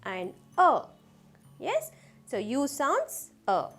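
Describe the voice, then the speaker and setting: A woman teaching a children's phonics lesson, slowly sounding out letters and asking the class questions. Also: high-pitched, wildly swooping pitch, fairly bright tone, soft background music.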